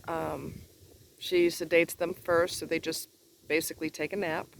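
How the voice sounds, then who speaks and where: A woman's voice: low-pitched, a little hiss or hum. A woman vlogger delivering a heated, profane personal rant in a blunt, exasperated way.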